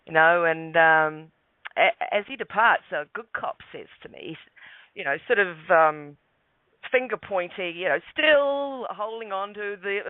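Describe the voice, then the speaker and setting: A man's voice: sits high, lively intonation, measured pace, dry recording. Male guest, hesitant storyteller, tinny dry Skype audio. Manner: hesitant, restarts often, says mate. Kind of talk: storytelling on a radio call-in. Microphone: Skype call.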